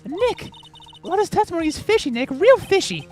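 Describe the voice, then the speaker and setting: A streamer voicing an excitable young female spirit medium in a game, reading her lines in a high, pleading voice. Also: fairly quick, soft background music. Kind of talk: reading game dialogue aloud.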